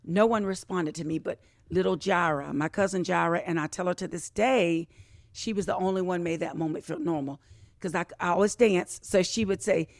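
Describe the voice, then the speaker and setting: A woman tells a personal story on a podcast, and her voice carries a gravelly, crackling edge. She speaks with feeling, circling back to the same phrases and slipping into the voices of the people in her story. The sound is dry and close. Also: on the low side, normal speed, no room sound. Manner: emotional, repeats phrases, acts out quoted voices. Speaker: podcast guest.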